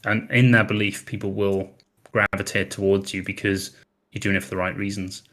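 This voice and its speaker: Male panel guest with a very low, bright, forceful voice, confident and preachy. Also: level tone, moderate pace. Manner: confident, lecturing, emphatic. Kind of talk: casual panel chat.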